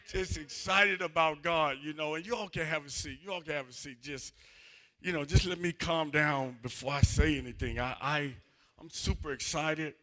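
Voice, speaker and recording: A bright, forceful male preacher with a lilt, telling a sermon story with excitable energy. His voice sits a little high for a man, and he acts out the dialogue as he goes. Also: moderate pace. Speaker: associate minister.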